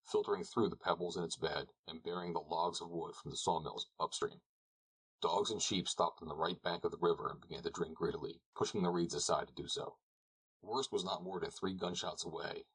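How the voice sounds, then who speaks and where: Low husky guy reading an audiobook, calm and steady. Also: low-quality recording. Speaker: audiobook narrator. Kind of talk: scripted narration.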